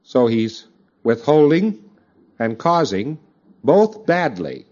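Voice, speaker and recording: Man lecturer, animated pitch, chatty asides to the room, dull lo-fi tape. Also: slow. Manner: conversational, with frequent asides to the audience. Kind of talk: recorded lecture.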